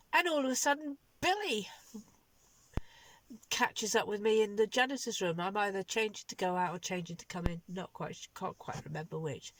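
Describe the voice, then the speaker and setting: A woman in her sixties telling a story from her workday as a vlogger, lively and exasperated, laughing at herself. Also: mid-range voice. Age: 60s. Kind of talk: casual spoken diary.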